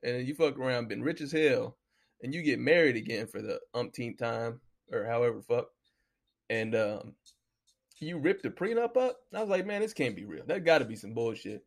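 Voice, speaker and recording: Gravelly man ranting casually. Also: medium pitch, moderate pace. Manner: loose, animated storytelling, heavy cursing. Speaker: podcast host. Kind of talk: casual profane commentary.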